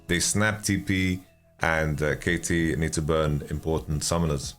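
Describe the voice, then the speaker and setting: An esports caster and analyst with a very deep voice talks a little slowly on stream, yawning and drowsy, with soft background music playing. His delivery is relaxed, and he stumbles into restarts as he responds to chat.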